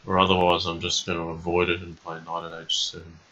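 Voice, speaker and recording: A man talks through his moves in a low, husky voice with a forceful edge. He commentates live in a steady, measured way and often pauses on an "um". The stream audio sounds dull and lo-fi. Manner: thinking aloud, calm and measured, frequent ums and uhs. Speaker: chess streamer.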